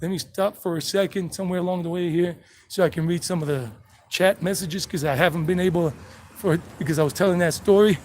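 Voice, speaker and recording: A man from the United States with a mixed South Carolina and New York accent hosts a live-streamed walking tour, rambling casually as he walks outdoors and reads chat messages off his phone. His voice sits high and runs a little fast. Faint traffic noise drifts in from the city streets.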